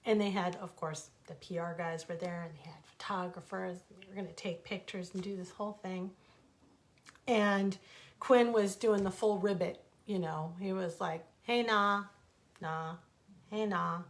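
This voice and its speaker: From her home, a middle-aged author recounts something personal in a fairly low voice at normal speed. She is casual and animated, drifting into tangents and fixing her own words as she goes.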